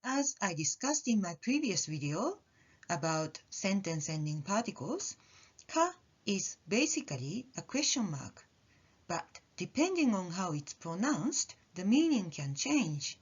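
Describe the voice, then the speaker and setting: A woman teaching a lesson, her voice rising and falling a lot as she acts out example phrases. Her tone is soft and breathy, and she explains things patiently. The audio sounds a little muffled and dull. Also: medium pitch. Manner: slow, careful explanation with animated demonstrations of intonation. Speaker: language teacher.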